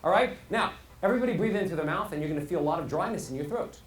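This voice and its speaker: A man teaching a live workshop as a voice coach, animated and demonstrative, asking his audience questions. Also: sits high, rapid-fire. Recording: roomy echo, faint hall ambience.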